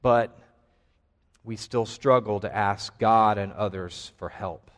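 Guy preaching a sermon, slow deliberate delivery, lots of pauses, long echo from the sanctuary. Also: lowish voice. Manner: earnest, with dramatic pauses and rising emphasis. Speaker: pastor. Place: church sanctuary. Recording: long hall reverb.

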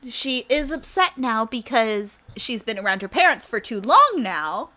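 A woman co-hosting a comedy podcast, recapping a TV episode in casual chat with a sarcastic edge and quick acted-out character lines. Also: a little high, very animated, bright, forceful tone.

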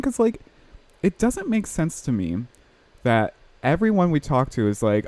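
Man co-host, animated and rambling, filler-heavy, dry recording. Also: medium pitch, normal speed, no echo. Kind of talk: casual chat over a video call.

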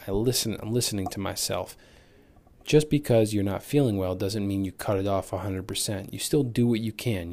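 Man, lowish voice, fitness coach, solo podcast, casual and motivational, a bit profane, recovering from sickness. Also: a little mellow. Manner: candid, motivational, loose and profane. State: recovering from illness.

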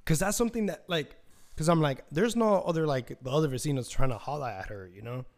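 A young man hosts his own podcast in a loose, rambling way, swearing freely. His voice sits a bit higher than most men's. When he quotes people, he jumps up louder and higher. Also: quick pace. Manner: profane, rambling, acts out quotes in raised voices. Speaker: podcast host. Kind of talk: casual solo podcast storytelling.

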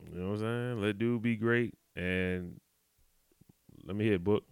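A male podcast co-host with a lowish, clean-toned voice speaks a little slowly, chatting in a laid-back, conversational way. He often checks in with his partner, asking "you know what I'm talking about." The clean studio recording has no room sound.

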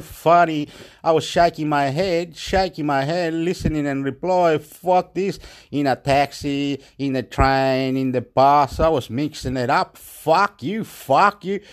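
Guy ranting in broken english, swearing a lot, kinda high voice, goes loud then quiet. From Chile. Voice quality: rough profane rant with broken English. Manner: excitable, repetitive, swings loud and soft. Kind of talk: rambling monologue.

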